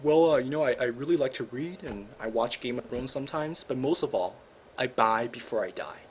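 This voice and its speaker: A man putting on a deep-voiced suave bar flirt. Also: brisk, a little hiss or hum, natural voice. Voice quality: deep, sultry voice.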